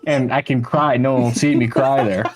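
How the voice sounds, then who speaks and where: A man's voice: mid-range voice, fairly even intonation, moderate pace. A young man co-hosting a casual sports podcast, an exasperated, self-mocking fan ranting about his team. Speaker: podcast co-host, Panthers fan.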